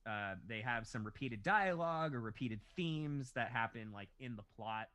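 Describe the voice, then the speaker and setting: A man co-hosting a podcast, chatting casually about a TV show and getting animated as he retells scenes. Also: medium pitch, moderate pace, smooth. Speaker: podcast co-host. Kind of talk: casual chat.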